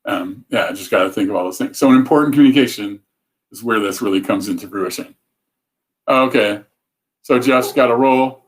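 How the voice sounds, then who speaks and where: A show host with a fairly low voice talks briskly on a casual livestream. He's chatty and rambling, often interrupting himself mid-thought to read comments.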